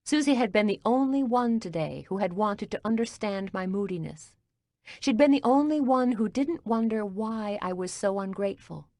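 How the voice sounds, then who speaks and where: A woman reading a cozy mystery audiobook as narrator, in a calm, even storytelling manner. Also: mid-range voice, normal speed, no room sound, studio quality.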